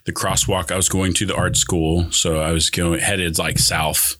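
A man's voice: low voice, flat delivery, normal speed, a bit bright. A young man telling a personal story in casual chat, rambling with many fillers and restarts. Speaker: guest.

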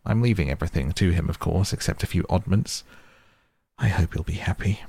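A man voicing a grave, watchful old male wizard who speaks in a quiet, measured way. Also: sits low, vocal fry, husky, no echo, exaggerated voice. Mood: thoughtful.

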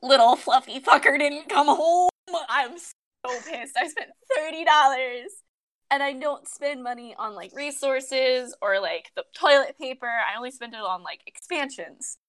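Young woman co-host, bright higher voice, exasperated animated ranter. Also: unhurried. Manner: animated, exasperated ranting with swearing. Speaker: podcast co-host. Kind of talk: casual chat among friends about a mobile game.

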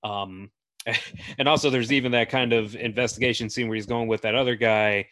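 A man's voice: mid-range voice, fairly even intonation, moderate pace, fairly bright tone, no echo, studio quality. A man hosting a podcast, chatting casually about films with frequent fillers and restarts. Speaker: podcast host. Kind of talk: casual film discussion.

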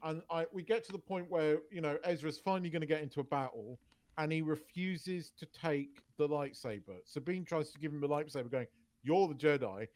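A man co-hosting a casual pop culture podcast, talking in a halting way with many restarts. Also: a little high, a little mellow. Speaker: podcast co-host. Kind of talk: casual chat.

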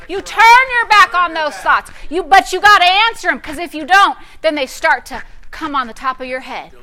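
A woman pastor preaching a lively sermon, repeating declarations aloud and directing a live demonstration in a church. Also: extremely high pitch, normal speed, hardly any pauses. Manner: animated, calls out and repeats declarations.

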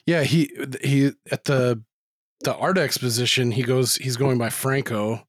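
Dude rambling on a podcast, loose and sweary, dry close mic, middle pitch. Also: male voice, steady tone, unhurried, no room sound. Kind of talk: casual film podcast chat.

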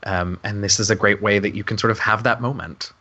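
Bright-voiced man talking tabletop games. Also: lowish voice, a little fast, dull audio. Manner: animated, earnest, with frequent fillers and restarts. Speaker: podcast co-host. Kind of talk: casual discussion about tabletop game mastering.

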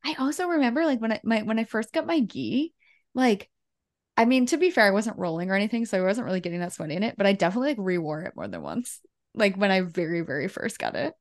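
This podcast co-host is a woman chatting casually, laughing often and using lots of fillers. Her pitch is medium but swings widely, and she talks fast.

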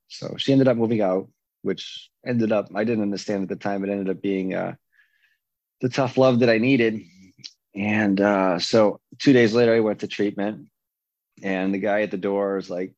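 Man, low voice, candid storytelling, acts out others' lines, dull dry recording. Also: normal speed, dry recording. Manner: animated, acts out other people's lines in a raised voice. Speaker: guest telling his recovery story.

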